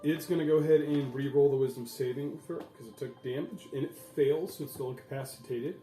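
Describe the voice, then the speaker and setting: A man's voice: mid-range voice, a little fast, dark tone, reverberant, faint music behind. A man narrating as game master, describing the scene with frequent restarts.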